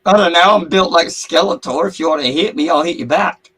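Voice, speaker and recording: A man's voice: fairly high pitch, a little fast, fairly bright tone, slightly rough, rough recording. An Australian man arguing crudely and sarcastically as a guest on a heated livestream panel.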